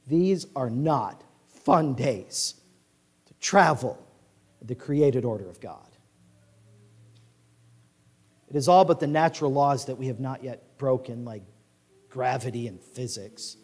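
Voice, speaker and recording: A male pastor preaching a sermon, reading scripture with force and dropping to a quiet storytelling voice. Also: mid-range voice, expressive, a little slow, slightly rough. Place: church sanctuary. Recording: echoey church sanctuary reverb.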